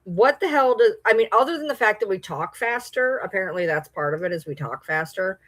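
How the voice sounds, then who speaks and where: Michigan-accent woman rambling on a livestream, chatty, mid pitch, reads out comments. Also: expressive, brisk, a bit bright. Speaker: livestream host. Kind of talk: casual livestream chat.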